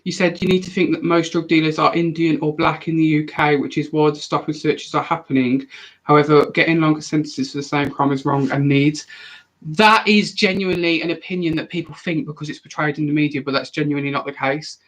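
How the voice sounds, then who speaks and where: Young guy in his twenties, slightly high voice, casual live-stream chat, animated, rambling, restarts sentences often. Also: fairly quick, poor audio. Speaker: streamer answering viewer questions.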